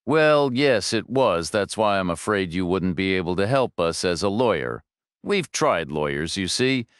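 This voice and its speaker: A man's voice: sits low, animated, a little slow, clear, resonant tone, no room sound, clean studio sound. A man voicing a grieving elderly woman on the phone, wavering, hesitant and resigned. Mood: sad, hesitant. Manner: wavering, resigned, soft-spoken.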